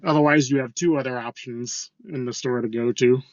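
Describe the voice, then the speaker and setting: A man's voice: medium pitch, steady tone, brisk, no room sound, highs cut off. A man co-hosting a podcast, telling a crude work story in casual chat, swearing freely. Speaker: podcast co-host.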